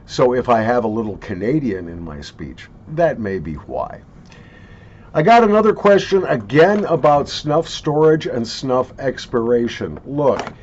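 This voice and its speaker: Slow, deliberate Minnesotan man in a basement. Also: medium pitch, a little mellow. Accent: Minnesotan, mostly trained out. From Minnesota, USA. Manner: trained radio announcer diction, dry humor. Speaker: snuff reviewer answering viewer questions. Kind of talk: slow deliberate vlog talk, words spaced apart. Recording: dull lo-fi audio with faint background hiss.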